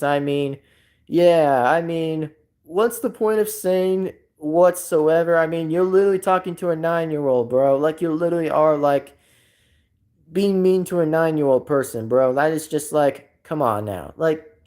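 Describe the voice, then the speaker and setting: Man hosting a live stream, slightly high voice, rambles and repeats himself, casual chat. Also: a little mellow.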